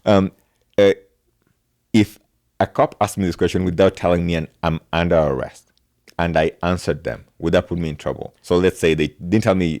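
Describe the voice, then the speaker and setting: A man's voice: low-pitched, fairly even intonation, normal speed, a little mellow. A man hosting a podcast, asking a guest questions in casual chat. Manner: short affirming replies, asks questions. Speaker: podcast host.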